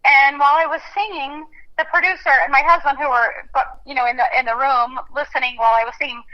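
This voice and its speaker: A woman's voice: high-pitched, fairly even intonation, quick pace. A young adult woman from Texas, a country singer, chatting casually in an interview and laughing often, heard over a phone line. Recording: muffled phone-line audio.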